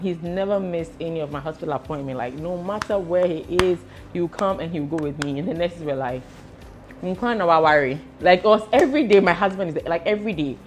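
Chatty woman, lowish voice. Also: darkish tone. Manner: chatty, emotional, mixes in pidgin phrases. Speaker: vlogger. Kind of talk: casual pregnancy update vlog.

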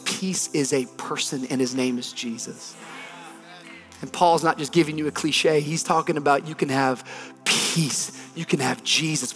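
A man in his thirties, a pastor delivering a sermon, telling a story with animation and building to emphatic preaching. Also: a little high.

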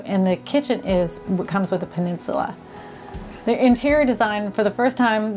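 A woman hosts a casual home-tour vlog at a mid-range pitch, gushing with delight and breaking into exclamations as she goes. Soft music plays quietly underneath. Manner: gushing, enthusiastic, exclaims often. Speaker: vlog host.

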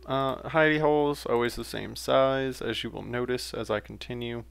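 A man's voice: mid-range voice, fairly even intonation, moderate pace, gravelly, clear, resonant tone. A young man giving casual, rambling commentary while playing a game, with frequent fillers and self-corrections. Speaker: let's play gamer.

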